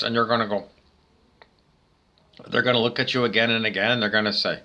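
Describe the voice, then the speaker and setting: A man rants at his audience from indoors beside a window, looping back to "I don't know" between jabs. His voice has a bright, forceful edge and sits at an average pitch. The delivery is loose and meandering, blunt to the point of insult. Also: brisk, pauses often. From Canada. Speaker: spiritual vlogger. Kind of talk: rambling monologue rant.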